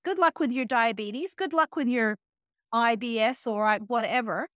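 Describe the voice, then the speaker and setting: Animated high-voiced woman guest. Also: normal speed, no echo, studio quality. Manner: animated, acts out quoted voices, sarcastic asides. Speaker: guest, health and wellness coach. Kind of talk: casual interview chat.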